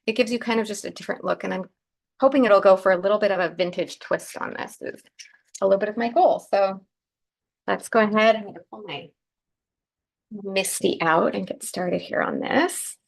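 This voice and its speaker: A woman's voice: medium pitch, normal speed, vocal fry. A woman hosting a live crafting demonstration, chatting through each step as she works, with a groggy morning voice. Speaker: craft show host.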